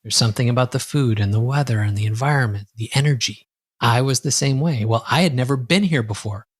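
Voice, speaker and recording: A man who works as a coach, telling a client's story as a podcast guest and acting out the dialogue with a lively voice. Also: medium pitch, brisk, slightly rough, dry recording, studio quality. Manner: lively, acts out quoted dialogue. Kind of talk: conversational storytelling.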